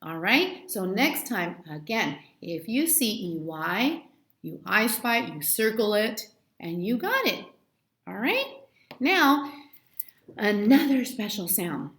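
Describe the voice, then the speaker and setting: A woman's voice: mid-range voice, big pitch swings, a bit bright, roomy sound. A woman teaching young children phonics in a recorded lesson, encouraging and drawing out each sound. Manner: encouraging, sing-song, drawn-out sounds. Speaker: kindergarten teacher.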